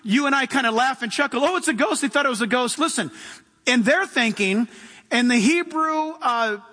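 A man's voice: very high-pitched, normal speed, pushed and bright. A man preaching an impassioned sermon in a church, reading scripture and asking the congregation questions. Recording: long hall reverb.

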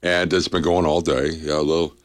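A man hosting a charity radiothon on the radio, relaxed and joking, a little punchy after a long day. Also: a bass voice, brisk. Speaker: radio host.

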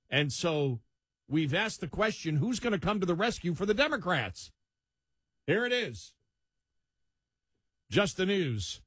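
Husky-voiced radio host with a Buffalo accent. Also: male voice, a little high, fairly bright tone, dry recording, studio quality. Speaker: radio talk show host. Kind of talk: casual talk radio chat.

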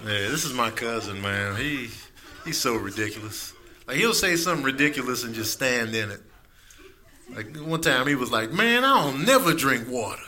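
A man's voice: medium pitch, moderate pace, bright, forceful tone, slight background noise. A man in his thirties doing a stand-up comedy set, acting out characters in raised voices.

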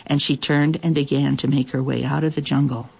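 A storyteller reading an animal fable aloud in a measured, expressive way. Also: mid-range voice, gravelly, husky.

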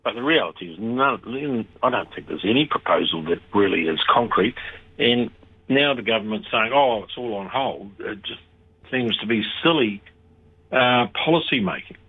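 A man, a radio interview guest talking over the phone in a measured, critical way with thoughtful pauses. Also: lowish voice, lively intonation, slightly rough. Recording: tinny phone line.

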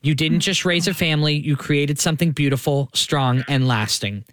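A man hosting a radio show, reading a heartfelt letter aloud in a slow, earnest way from the studio. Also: fairly high pitch, a bit bright. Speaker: radio host.

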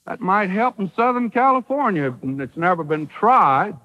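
A man delivers a radio sermon in a folksy, emphatic style, his high voice swooping up and down. He acts out quoted speakers with drama. The sound comes from an old broadcast recording with a long hall echo. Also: big pitch swings, moderate pace, dull audio. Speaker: preacher.

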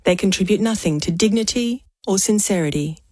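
A woman's voice: mid-range voice, fairly quick, warm tone, no room sound. A woman reading a radio ad in an earnest, matter-of-fact way. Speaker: funeral business owner. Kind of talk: radio ad read.

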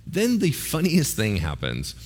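Animated, lively pastor man. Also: medium pitch, measured pace. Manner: animated, casual and playful, acts out voices. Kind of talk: sermon.

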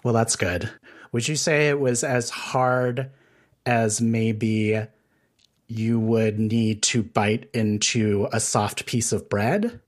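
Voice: medium pitch, fairly even intonation, takes it slowly. An interviewer asking curious, probing follow-up questions in a casual conversation.

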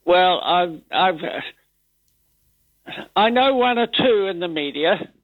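An older New Zealand man calls in to talkback, rambling and hesitant as he grumbles. His voice sits high for a man. The line sounds dull and muffled, dry. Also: animated, takes it slowly, dry recording. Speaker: caller. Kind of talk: casual talkback chat.

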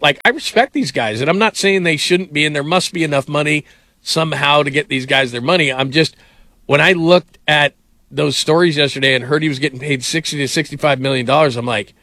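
A middle-aged man hosting sports radio with a bright, forward voice. He rambles through his stories with lots of fillers, and the sound is dry and close. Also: a little high, fairly quick, dry recording. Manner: rambling storyteller, many fillers. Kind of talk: casual sports radio talk.

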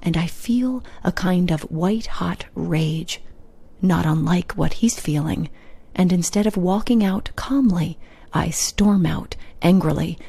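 Wry, low-voiced woman storyteller. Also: vocal fry. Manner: wry, candid, gently humorous. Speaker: host and storyteller. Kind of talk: reading a personal story aloud.

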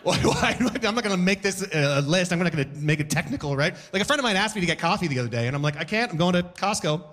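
A man doing a stand-up set on stage before a live audience, animated, breaking into shouted voices and sound effects. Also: sits high, quick pace. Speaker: stand-up comedian.

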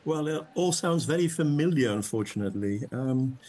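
A man's voice: mid-range voice, animated, moderate pace, darkish tone, husky. A Dutch-speaking man from Belgium, a guest in a radio discussion, speaking English with a dry, wry manner. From Flanders, Belgium.

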